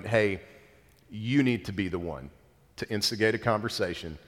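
Deep-voiced man preaching in a reverberant hall. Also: a bit bright. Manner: conversational, earnest, self-deprecating asides. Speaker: pastor. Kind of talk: sermon. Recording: long reverb of a large hall.

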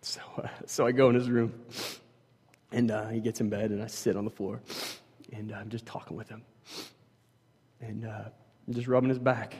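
A man telling a personal story about his children to a group, rambling with many fillers and dropping to a hush at times. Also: on the low side, husky. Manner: rambling, many fillers, swings from loud to hushed. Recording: long hall reverb.

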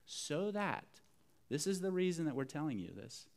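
A man's voice: a little high, very animated, moderate pace, creaky, a little mellow. A man preaching a sermon, earnest and emphatic, repeating key phrases for weight. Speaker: pastor.

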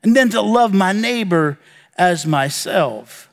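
A man preaching a sermon as pastor, earnest, with dramatic pauses and emphatic lists. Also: high-pitched, lively intonation, big-room sound.

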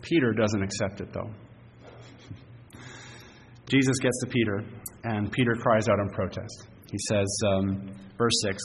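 A man's voice: on the low side, fairly even intonation, measured pace, pauses often. A male pastor preaching an expository sermon, earnest and emphatic, with frequent fillers and restarts. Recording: long reverb, faint hiss.

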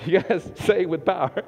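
A man preaching a sermon as pastor to a live and online congregation, animated and laughing often, moving from loud exhortation to hushed prayer. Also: high voice, moderate pace. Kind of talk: sermon with call and response. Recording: long hall reverb, dull lo-fi sound, faint music.

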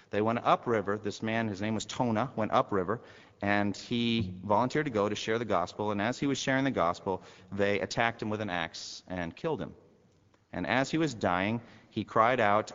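A man preaching a sermon, telling missionary stories and building to loud, fervent exhortation. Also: brisk. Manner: rises to loud, high-pitched fervent exhortation. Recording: muffled hall recording with long reverb.

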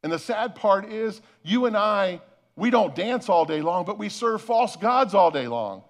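A male pastor preaching a sermon, retelling a scripture story with lively, acted-out voices and asides to the congregation. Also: sits high, unhurried. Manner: animated storytelling preacher, acts out voices, addresses the congregation as folks.

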